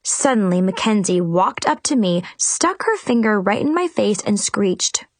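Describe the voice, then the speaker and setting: Woman reading a storybook in first person, bouncy animated voice, dry close mic. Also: mid-range voice, a little slow, no room sound. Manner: animated, expressive, chatty. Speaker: audiobook narrator.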